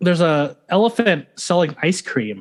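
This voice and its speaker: A man in his thirties telling stories as a podcast guest, animated, switching between English and Thai. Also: high voice, normal speed. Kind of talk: casual interview chat.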